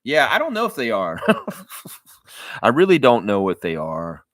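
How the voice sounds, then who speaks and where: With a fairly low pitch and a slightly slow delivery, a sports-fan host runs a casual basketball reaction stream live. He keeps it loose and animated, swearing freely and acting out others' words. The recording is dry.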